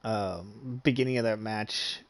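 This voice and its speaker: A young man, a gaming streamer, telling a long story in casual chat, swearing freely and laughing often as he gets animated. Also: fairly low pitch, unhurried, no room sound.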